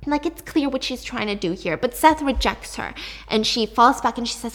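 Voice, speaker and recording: A woman's voice: a little high, normal speed, a bit bright. A young woman casually retelling a dramatic story, chatty and full of fillers.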